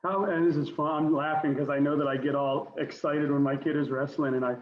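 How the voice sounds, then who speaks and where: A man's voice: on the high side, fairly even intonation, a little fast. A man hosting a wrestling podcast, chatting with enthusiasm and laughing easily while asking his guest questions. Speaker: podcast host and wrestling parent. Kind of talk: casual interview chat. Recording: dull, roomy remote call audio with faint noise.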